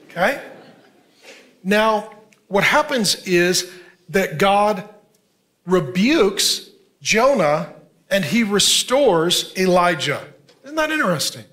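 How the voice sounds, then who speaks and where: A man in his fifties preaching a sermon as a pastor, conversational, dropping to a near hush for emphasis. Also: high-pitched. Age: 50s.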